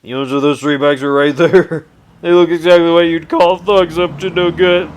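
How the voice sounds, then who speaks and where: Reading a visual novel aloud for a let's play, a high-pitched man breaks in with lively laughing comments and curses. The sound of traffic runs in the background.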